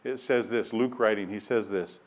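A man preaching a sermon. He reads scripture aloud and repeats key phrases, moving between quiet passages and loud, emphatic ones. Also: fairly low pitch, fairly even intonation, normal speed. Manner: dynamic preaching, swinging from hushed to loud and emphatic.

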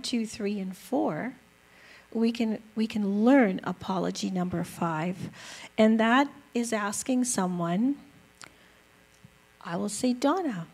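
A woman speaking slowly and earnestly, teaching in a gentle, reflective way. Her voice has a gravelly, creaky edge. She takes her time with each point, with the odd "um". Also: mid-range voice, poor audio. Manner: gentle, earnest, unhurried with fillers. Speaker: speaker teaching about apologies. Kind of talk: slow reflective talk with a read-aloud excerpt.

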